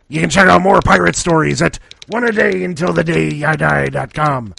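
A man's voice: fairly high pitch, moderate pace, gravelly, bright, forceful tone. A man hosting a short-story podcast, reading a brief tale with jokey, self-deprecating asides. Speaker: podcast host.

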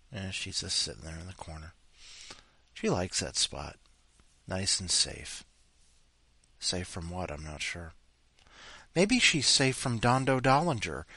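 A man's voice: deep voice, very animated, unhurried, long pauses, bright, forceful tone, no echo. A man hosting a storytelling podcast, rambling casually between stories and swearing freely. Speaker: podcast host.

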